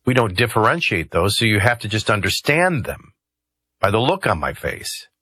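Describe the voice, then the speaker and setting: Husky, forceful talk radio host man. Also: on the low side, very animated, moderate pace. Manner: conversational, rambling asides with hesitations.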